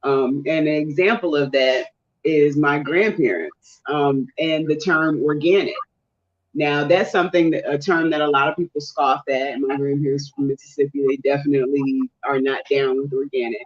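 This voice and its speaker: Measured man, slightly high, muffled sound. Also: fairly even intonation. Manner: measured explanatory talk. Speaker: podcast co-host. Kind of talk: casual discussion.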